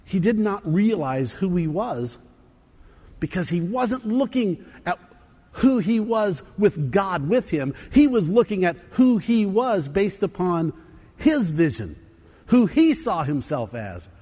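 A man preaching in a church with a high, lively voice that swoops up and down. He speaks slowly and acts out the lines of scripture. His voice rings through a hall with a long echo. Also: husky. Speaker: pastor. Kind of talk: sermon.

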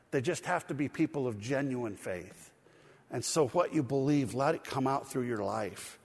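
Animated preaching man in a reverberant church. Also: medium pitch, husky. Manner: conversational, animated preaching with asides and laughs. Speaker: pastor. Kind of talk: sermon.

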